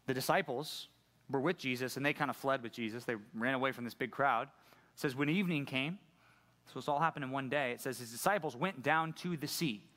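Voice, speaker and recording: A middle-aged pastor giving a conversational sermon, often putting questions to the congregation. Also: male voice, mid-range voice, brisk, fairly bright tone. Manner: conversational preaching, asks the audience questions.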